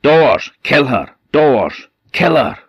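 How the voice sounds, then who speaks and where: A man with an Orkney Scottish accent voicing a spiteful magic treasure chest that shouts commands. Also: medium pitch, big pitch swings, slow pace, slightly rough, no echo, clean studio sound, pitched above the performer's own voice, heavily acted. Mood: shouting, spiteful.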